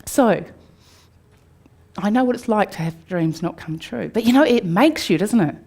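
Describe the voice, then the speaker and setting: An Australian woman in her forties tells a candid personal story to a live audience. Her telling swings from upbeat to hushed. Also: mid-range voice, expressive, moderate pace, breathy edge. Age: 40s. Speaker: speaker. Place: room before a live audience.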